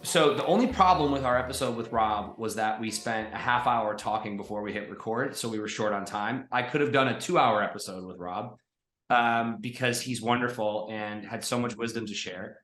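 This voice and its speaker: A man's voice: lowish voice, normal speed, fairly bright tone. A man from Boston hosting a podcast, talking in an effusive, friendly way with lots of fillers. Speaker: podcast host. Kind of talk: casual interview chat. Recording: roomy echo.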